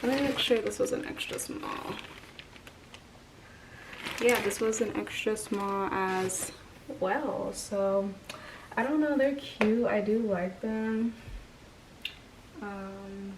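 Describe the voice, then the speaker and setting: A young woman vlogging a try-on haul speaks in a mid-range voice, slowly and with frequent pauses. Her chat is casual and filler-heavy, breathless at times, and she tends to drop into whispers. The recording comes from a distant mic with noticeable background noise.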